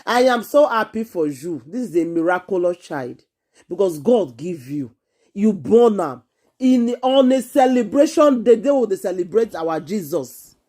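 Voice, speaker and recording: A woman with a Nigerian accent, hosting an excited monologue to camera in an emphatic, repetitive, exclaiming way. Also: mid-range voice. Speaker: vlogger host.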